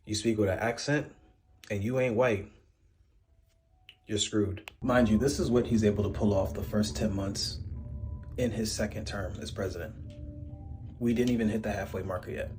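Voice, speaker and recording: A man's voice: on the low side, steady tone, moderate pace, pauses often, a little mellow, faint music behind. A man giving casual, blunt commentary in a conversational way with a few fillers.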